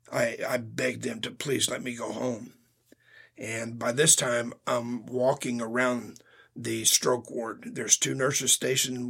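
A man shares his faith testimony with a gravelly edge and a husky, slightly rough tone. He tells it earnestly and from the heart, and he addresses his listeners directly, the way a man speaks to his congregation. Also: mid-range voice, a bit bright. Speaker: speaker giving a personal testimony.

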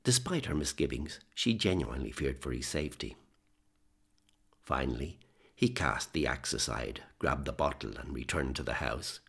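Male audiobook narrator, very deep and gravelly, husky tone, measured storytelling. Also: lively intonation, a bit bright. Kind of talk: scripted narration.

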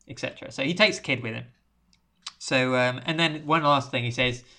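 Speaking at a normal pace in a mid-range voice that sounds pushed and bright, this man retells a movie's plot as a podcast co-host. It's loose, rambling chat, and he performs the quoted lines.

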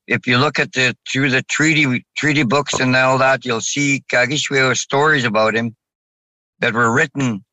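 Bright-voiced man speaking haltingly. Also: mid-range voice, dry recording, rough recording. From Saskatchewan, Canada. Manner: halting, with many restarts and fillers. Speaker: guest. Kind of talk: casual interview talk.

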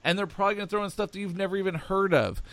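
Excitable man in a podcast chat. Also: high voice, rapid-fire, dry recording. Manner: enthusiastic, rambling, with many fillers. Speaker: podcast co-host.

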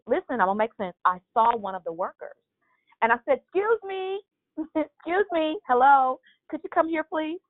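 A woman's voice: medium pitch, dry recording. Woman preaching over a phone line. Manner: animated storytelling, acting out her own cries for help. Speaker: prayer call leader. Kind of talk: testimony and preaching on a call.

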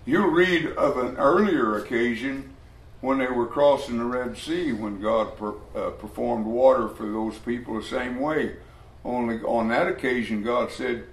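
A man preaches a folksy, emphatic Bible study sermon at a measured pace, his medium-pitched voice showing vocal fry. He loudly acts out the voices in his stories, and the echoey room carries faint ambient noise.

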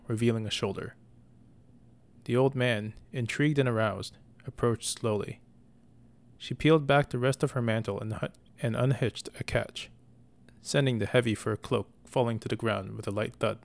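Gravelly man reading a story slowly. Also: fairly low pitch. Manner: slow, deliberate reading. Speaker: podcast storyteller. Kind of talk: scripted narration.

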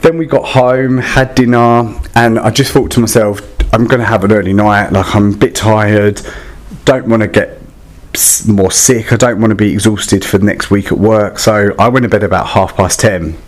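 A man's voice: on the low side, steady tone, normal speed. A man telling a story in a casual, chatty and dramatic way, with many fillers. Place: static caravan.

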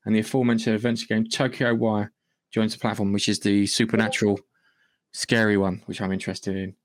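A man's voice: lowish voice, little pitch movement, a little fast. A man hosting a casual gaming news podcast over an online call, rambling with many fillers and restarts and coughing now and then. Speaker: podcast host.

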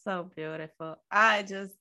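A woman's voice: mid-range voice, fairly even intonation, measured pace, sharp tone. A woman hosting a podcast interview, speaking effusively and gushing with praise for her guest. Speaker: podcast host. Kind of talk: conversational interview.

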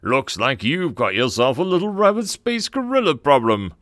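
A man voicing a booming, gravelly male human space captain. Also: very animated, normal speed, a bit bright, no echo, clean studio sound. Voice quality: deep and gravelly. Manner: booming, bold.

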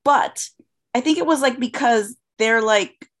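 A woman's voice: a little high, unhurried. Rambling jokey woman co-host. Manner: rambling with fillers, crude jokey asides. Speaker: podcast co-host. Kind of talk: casual chat.

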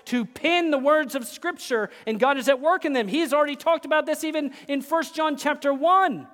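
High-voiced male pastor in a reverberant church. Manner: impassioned preaching, swinging from loud to hushed. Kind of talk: sermon.

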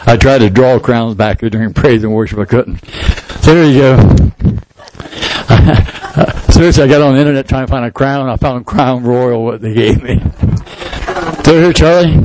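Man preaching in a church, high voice, lively storytelling, voices for the people in his story. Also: a little hiss or hum, low-quality recording. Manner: animated storytelling, acting out the congregation in voices. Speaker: pastor. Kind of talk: sermon. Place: church sanctuary.

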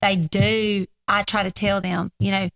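A woman's voice: medium pitch, flat delivery, unhurried, creaky, fairly bright tone. A Southern woman in her forties, a teacher, chatting playfully on a talk show. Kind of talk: casual chat.

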